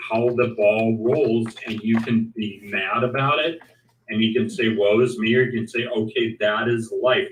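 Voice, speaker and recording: A man's voice: mid-range voice, far from the mic. Exhorting man in an echoey room. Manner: blunt, exhorting, motivational. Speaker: co-host. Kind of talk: casual discussion livestream. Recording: roomy echo, from off-mic.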